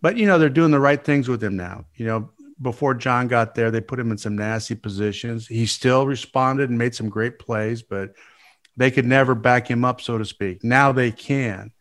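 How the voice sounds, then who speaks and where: A former football coach in a casual chat, giving measured, thoughtful analysis. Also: male voice, medium pitch, a bit bright.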